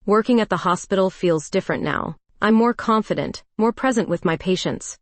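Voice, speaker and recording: A woman narrating a first-person romance story in a calm, even storytelling voice. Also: medium pitch, fairly quick, no room sound.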